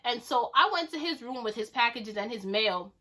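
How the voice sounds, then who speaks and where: A chatty woman tells a storytime to her camera, slangy and animated, acting out each line of dialogue. Her voice sits on the higher side and rings very bright. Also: moderate pace. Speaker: YouTuber telling a storytime. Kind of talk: casual storytime vlog.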